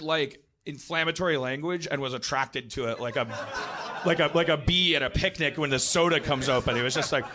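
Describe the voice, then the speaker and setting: A man's voice: on the high side, brisk, pushed and bright. Rambling man telling a bar story. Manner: rambling, self-interrupting, lots of restarts. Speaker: podcast host telling a story. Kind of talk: live comedy podcast storytelling. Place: live stage show.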